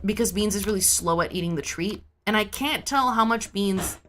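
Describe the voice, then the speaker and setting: A woman's voice: mid-range voice, normal speed, fairly bright tone, a little hiss or hum. A woman livestreamer chatting casually with her viewers while she plays a game, rambling from topic to topic. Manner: chatty and rambling, talks to chat. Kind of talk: casual chat while gaming.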